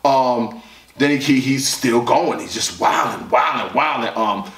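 A man recapping a battle rap in casual, animated, profane commentary, reacting loudly and repeating words as he quotes lines. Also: mid-range voice, a little slow, echoey room, recorded from a distance.

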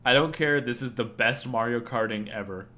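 A man's voice: medium pitch, normal speed, sharp tone. A young man chatting casually and joking on a live gaming stream. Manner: joking, laughs often.

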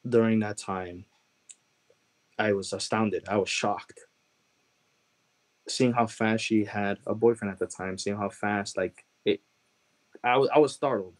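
A man from Chicago telling his conversion testimony as a guest, earnest and halting, with many "like" and "you know" fillers. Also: fairly low pitch, poor audio. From Chicago, USA. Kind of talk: personal testimony storytelling.

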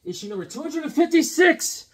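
His voice sits very high, with big pitch swings, a brisk pace, and a somewhat bright tone. The comic collector host jokes his way through a casual chat about the comics he's leafing through, rambling off into silly voices, songs, and asides.

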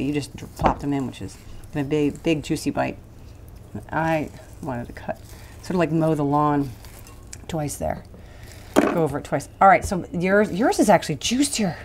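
A woman's voice: low voice, background noise. A woman hosting a casual cooking demonstration in a kitchen, chatting and rambling with frequent laughs. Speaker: cooking show host.

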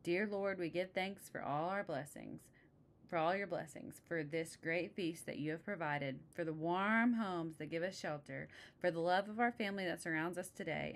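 A solemn old grandfather bear, as a woman reads him in a storybook, speaking a prayer low and hushed. The voice sits lower than usual and stays quiet and reverent. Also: close to an everyday voice.

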